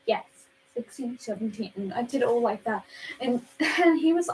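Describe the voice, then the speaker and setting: A teenage girl chatting casually in a storytime vlog, rambling and dramatic, with quiet asides. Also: a little high, lively intonation, moderate pace, a little hiss or hum, poor audio. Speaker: vlogger.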